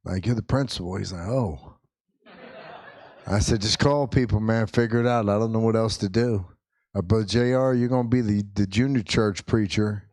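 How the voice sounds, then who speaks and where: A middle-aged man, a pastor, telling a funny family story from the pulpit, jumping into high excited yelps as he acts out what people said. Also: fairly quick, no room sound. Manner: animated, acts out quotes with sudden high-pitched yelps. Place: church sanctuary.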